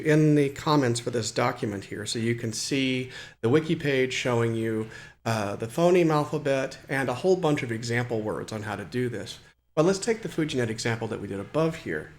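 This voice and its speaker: A man's voice: medium pitch, moderate pace. A man walking through a computer tutorial, explaining step by step with many fillers and restarts. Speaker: hobbyist programmer demonstrating software. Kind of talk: screen-recorded tutorial walkthrough.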